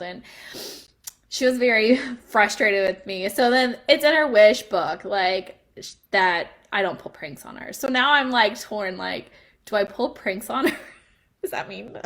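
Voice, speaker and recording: A woman in her thirties chatting casually to the camera as a mom vlogger, animated and laughing as she tells family stories. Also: mid-range voice.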